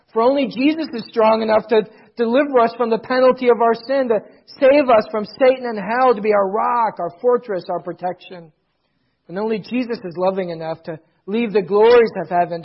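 Male pastor, middle-aged, husky higher voice, dynamic sermon delivery from loud to hushed, dull recording. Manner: dynamic preaching, swelling loud then dropping to near whispers.

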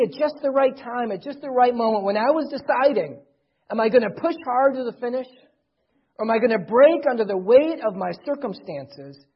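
A middle-aged man preaching a sermon as pastor, earnestly, swelling loud and then dropping soft. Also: high-pitched, slightly rough. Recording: dull lo-fi recording.

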